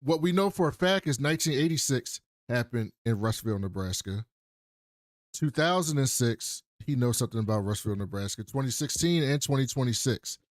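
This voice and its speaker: A man co-hosting a podcast, recapping a TV episode in casual, animated, profane chat. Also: medium pitch, brisk, no room sound, clean studio sound. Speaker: podcast co-host.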